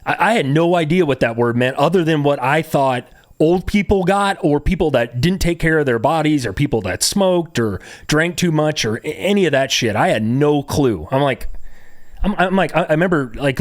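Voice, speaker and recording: A man's voice: a little high, animated, brisk, dry recording, clean studio sound. A young man telling his own story casually to viewers, rambling with many fillers and repeated words.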